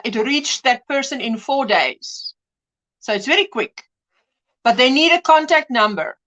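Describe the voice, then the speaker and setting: Chatty woman, high and lively. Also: low-quality recording. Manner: chatty, reads viewer comments aloud, laughs often. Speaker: livestream host. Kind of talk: casual livestream chat.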